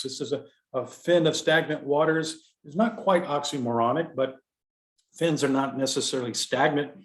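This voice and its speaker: Texan guy teaching poetry, rambly, lots of uhs and self-corrections, mid-pitched, roomy echo. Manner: conversational, digressive, with many fillers and self-corrections. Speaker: contest director teaching poetry explication. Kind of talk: informal lecture.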